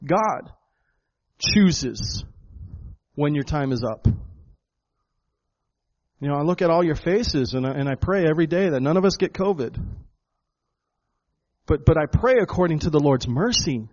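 A man preaching a sermon in a church hall, his voice on the high side for a man. He speaks with emphatic conviction, doubling words as he presses his points to the congregation. The recording is dull and lo-fi. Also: lively intonation, unhurried, long pauses, a little mellow. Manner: emphatic, repeats words, addresses the congregation as folks. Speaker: pastor.

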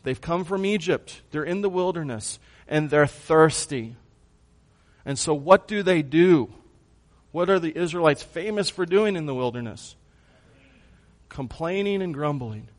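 A man preaching a sermon, who swings from hushed lines to loud bursts and puts questions to his congregation. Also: a little high, lively intonation, a little slow. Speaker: pastor.

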